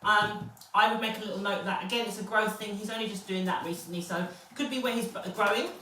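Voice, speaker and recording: A woman dog trainer, explaining steps calmly and then praising the dog in a high, excited voice. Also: quick pace, slight background noise. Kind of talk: live training session commentary. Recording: very echoey, distant from the mic.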